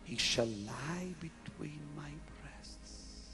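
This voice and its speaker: A man preaching a revival sermon at a large crusade, swinging from loud exclamations to hushed whispers in a slow, drawn-out delivery. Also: fairly high pitch, animated. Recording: 1990s live event recording with faint music.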